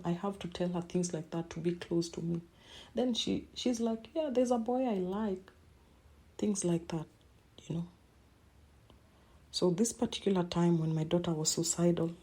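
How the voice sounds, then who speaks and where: Sharing something personal on her podcast, this middle-aged host speaks with fairly even intonation in a voice that's low, mellow and a bit husky. Her emotional delivery halts often, and words get repeated partway through her sentences.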